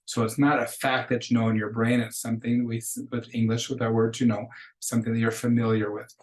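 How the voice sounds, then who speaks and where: A male teacher speaks to his students in a recorded lesson, walking them through verb forms one step at a time. His pitch sits in the middle range. It stays flat and even, with little rise or fall. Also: fairly quick, poor audio. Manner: explanatory, patient, switches between English and Spanish examples. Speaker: Spanish teacher. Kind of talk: recorded lecture over slides.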